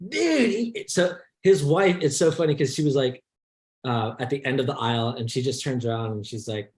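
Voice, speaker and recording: A man hosting a podcast, telling an anecdote in casual chat, excitable and laughing often as he acts out the people in it. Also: mid-range voice, normal speed, reverberant. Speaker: podcast host. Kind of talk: animated storytelling in casual chat.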